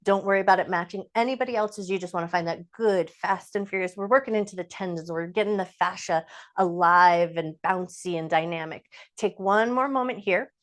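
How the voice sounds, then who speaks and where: A woman teaching a yoga class, giving calm, encouraging movement cues with slow, drawn-out phrases. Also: on the low side. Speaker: yoga instructor. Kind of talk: guided yoga class instruction.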